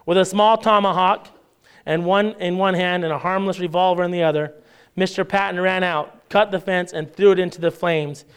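A man's voice: sits high, moderate pace, clean tone. A man preaching a sermon, retelling stories and acting out the characters' voices as he goes. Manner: animated storytelling, acts out the characters' voices.

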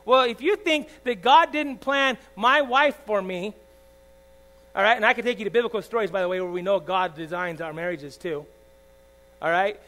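A man in his forties preaching a sermon, swinging from loud emphatic lines to soft confiding asides, often asking the congregation "all right?". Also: sits high, moderate pace, rough recording. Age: 40s. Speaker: pastor. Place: church. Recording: faint mains hum.

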